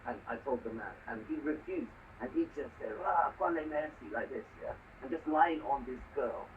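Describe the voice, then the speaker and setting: A man's voice: mid-range voice, normal speed. A man in casual conversation, telling a story in an earnest way and often adding "you know". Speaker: conversation partner. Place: lives in Hong Kong. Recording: distant, muffled, faint background noise.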